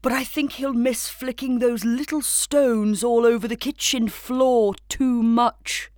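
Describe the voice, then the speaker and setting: A woman voicing a gentle man who owns a cat, speaking brightly and coaxingly. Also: on the high side, fairly even intonation, slow, no echo, studio quality, voice pushed up.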